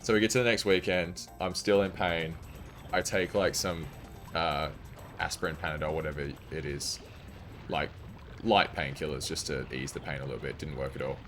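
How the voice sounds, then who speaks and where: Young male streamer, low voice, non-American English accent, rambly casual storyteller, faint music underneath. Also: fairly even intonation, moderate pace, a bit bright. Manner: rambling storytelling with many fillers. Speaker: game streamer. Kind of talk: casual chat while streaming.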